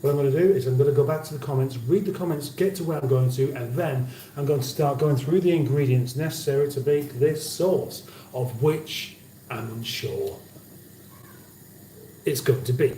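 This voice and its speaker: A man's voice: medium pitch, normal speed, dark tone, slight background noise. A man hosting a cooking livestream from his home kitchen, chatting casually and reading viewer comments aloud with dry banter. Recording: roomy kitchen sound from a distance.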